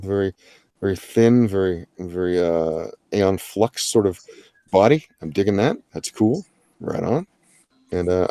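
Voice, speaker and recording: A man whose voice sits low with a darkish tone, recorded with no room sound, hosts a live drawing-challenge stream. His casual commentary rambles along, full of filler and joking asides.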